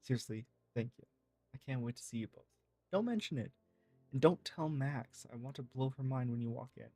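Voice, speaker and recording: A man reading game text messages aloud in a casual, lively way, swearing freely. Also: mid-range voice, a little fast, no room sound. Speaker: gaming streamer.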